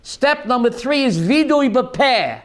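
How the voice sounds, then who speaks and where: A man teaching a lively Torah class as a rabbi, asking his listeners questions and mixing in Hebrew terms. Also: very high voice, slow. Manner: animated, asks the audience questions, mixes Hebrew terms.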